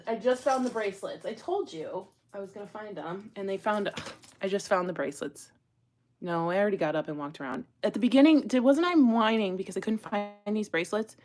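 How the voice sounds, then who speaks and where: A woman's voice: medium pitch, fairly quick, darkish tone, slight background noise. A woman hosting a live jewelry-making stream, chatting casually and rambling to her viewers as she works. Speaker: jewelry-making livestream host. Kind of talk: casual live crafting chat.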